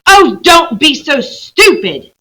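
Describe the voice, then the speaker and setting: A woman voicing an excited young girl who insists she is right and is close to tears. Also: slow, heavily acted. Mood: insistent. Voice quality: high, loud and pleading.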